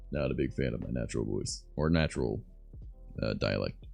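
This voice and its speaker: A young man from Canada with a deep voice, chatting loosely and softly on his stream, swearing as he goes. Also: animated, a little slow, vocal fry, faint music behind. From Southern Ontario, Canada. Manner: soft-spoken, loose and swearing. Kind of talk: casual stream chat.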